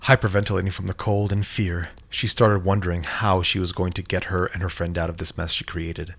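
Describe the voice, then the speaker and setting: A man reading a horror story in a measured, dramatic storytelling manner. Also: low voice, flat delivery. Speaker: narrator. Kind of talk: scripted horror story narration.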